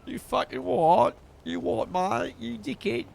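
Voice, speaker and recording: A man's voice: very high-pitched, a little slow, vocal fry, a little mellow, heavily acted. A man voicing a foul-mouthed posh gangster, snarling insults. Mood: menacing.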